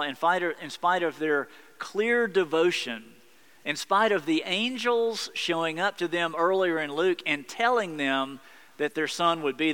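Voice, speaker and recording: A man's voice: fairly high pitch, bright, forceful tone, clean tone, big-room sound. A man preaching a sermon, earnest and reflective, leaning on emphatic repetition. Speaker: pastor.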